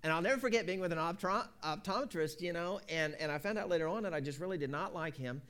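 A man delivers a casual, folksy sermon with a voice pitched a little higher than most men. He tells stories like he's chatting with friends and acts out both sides of a conversation. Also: fast, fairly bright tone, smooth. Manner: storytelling, acting out both sides of the dialogue; folksy, repeats "you know". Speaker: preacher.

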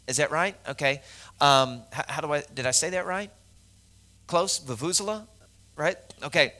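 A man's voice: a little high, moderate pace, bright, forceful tone. A man from Arkansas preaching a sermon to a congregation in a conversational, joking way, with many fillers and asides to the audience. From Arkansas, US South. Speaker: pastor.

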